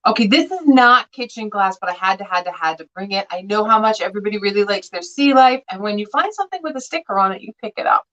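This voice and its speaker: A woman's voice: mid-range voice, expressive, quick pace, hardly any pauses, pushed and bright, poor audio. A woman selling vintage glass on a live sale, chatting and telling stories with playful voiced quotes.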